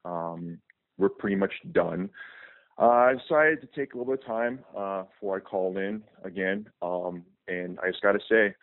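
A man's voice: low-pitched, moderate pace, dry recording. A man calling in to a fan radio show, theatrical and self-introducing. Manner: theatrical, opens by reciting a fight song. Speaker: caller. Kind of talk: phone call-in. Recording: tinny phone line, dry.

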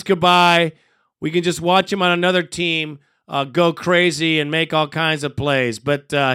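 A man hosting a sports call-in show, energetic and friendly, calling his callers brother. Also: high voice, smooth. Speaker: sports talk show host. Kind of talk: podcast sports talk.

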